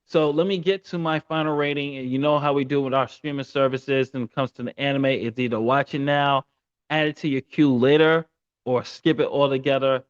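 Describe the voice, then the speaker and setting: A man's voice: medium pitch, moderate pace, dry recording. A man hosts his own review in a casual, heartfelt way, often tripping and repeating words. He sounds a little choked up. The recording is dry, close and slightly lo-fi. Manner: earnest, stumbling, repeating words. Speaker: anime reviewer and channel host.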